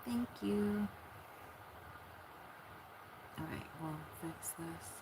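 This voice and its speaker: A woman livestreaming late at night, chatting softly and giggling with her viewers over a phone mic. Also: medium pitch, unhurried, gravelly, noisy background.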